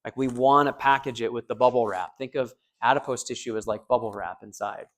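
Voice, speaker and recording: A man's voice: mid-range voice, fairly even intonation, a little fast, fairly bright tone. A man lecturing a small university class, joking and quizzing students, with frequent restarts. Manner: joking, asks the class questions, repeats students' answers; frequent restarts and fillers, loose conversational delivery.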